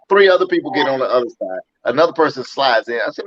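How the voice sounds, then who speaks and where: A man telling a story in casual chat, animated and acting out the voices of others. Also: medium pitch, fast talker. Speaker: podcast host. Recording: dull, slightly lo-fi sound.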